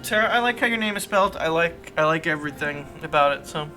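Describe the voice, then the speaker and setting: A man's voice: on the high side, animated, quick pace, sharp tone, faint music behind. A man hosting a casual let's play, reading game text aloud with playful asides and stumbling over words now and then.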